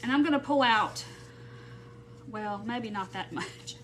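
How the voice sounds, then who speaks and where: Woman, craft livestream host, bright and clear, chatty and rambling, slight background hiss. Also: a little high, unhurried. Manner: rambling, thinking aloud, greets viewers by name. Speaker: craft live-stream host. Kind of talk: casual craft tutorial chat. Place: home craft room.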